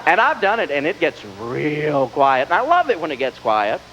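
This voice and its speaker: A man's voice: a little high, big pitch swings, moderate pace, a bit bright. A man from the Southern US with a Southern accent, doing stand-up comedy on a music hall stage with a wry, punchy delivery and acted asides. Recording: dull VHS tape with audience noise. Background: live audience laughter.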